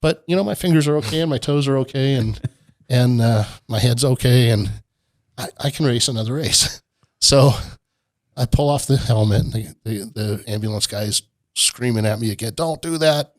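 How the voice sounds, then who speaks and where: A man's voice: mid-range voice, normal speed, no echo. A middle-aged man, a podcast guest, telling a long rambling story in a casual interview and laughing often. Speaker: podcast guest, off-road park owner.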